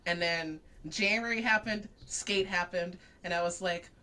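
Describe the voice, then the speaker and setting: A woman guest in a casual interview, telling a story in an animated way with lots of acted-out dialogue and frequent laughs. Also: lowish voice, a little slow, slight background noise. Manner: laughs often while talking.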